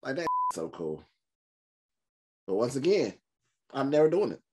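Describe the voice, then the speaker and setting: A man hosting a movie reaction, talking in an animated, slangy way with quick joking asides. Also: medium pitch, music in the background. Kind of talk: casual reaction commentary.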